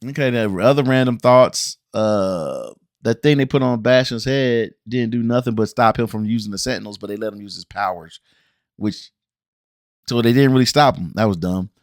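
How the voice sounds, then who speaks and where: A man's voice: fairly low pitch, moderate pace, no room sound, clean studio sound. A man from the Cincinnati area ranting bluntly and animatedly in a casual review vlog, with slangy, exasperated asides. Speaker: show reviewer and channel host.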